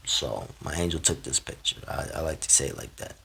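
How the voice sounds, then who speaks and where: A man telling a personal story to camera in a casual, slangy way, dropping into hushed asides and rising into loud bursts. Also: a bass voice, animated, fairly quick, creaky, few pauses, breathy edge.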